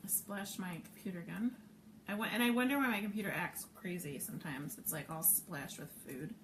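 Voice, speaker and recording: A woman's voice: on the low side, fairly quick, distant mic. A middle-aged woman chatting casually while cooking live at home, reading viewer comments and wandering off topic. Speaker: home cook hosting a live cooking stream. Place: home kitchen. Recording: echoey kitchen with background noise.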